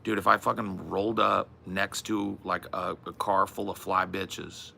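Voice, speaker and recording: A man with a deep, gravelly voice and a sharp, forceful edge rambles on a podcast. His talk is casual, profane and exasperated, full of restarts. A faint hiss runs under the recording. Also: level tone, measured pace. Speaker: podcast co-host. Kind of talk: casual comedic rant.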